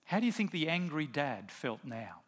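A middle-aged man delivering a sermon with a bright, forceful voice pitched a little high. He tells stories and presses the congregation with rhetorical questions. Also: big pitch swings, moderate pace. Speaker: preacher.

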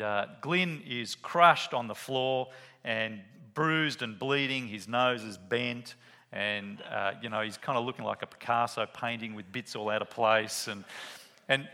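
A man preaching a sermon, walking through a Bible passage and acting out quotes as he tells a story. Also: medium pitch. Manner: animated storytelling with acted-out quotes.

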